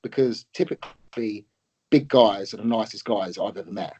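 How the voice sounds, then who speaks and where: A man and bodybuilder co-hosting a casual podcast, telling stories in an earnest, soft-spoken way. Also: on the low side, moderate pace, breathy edge. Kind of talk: casual chat.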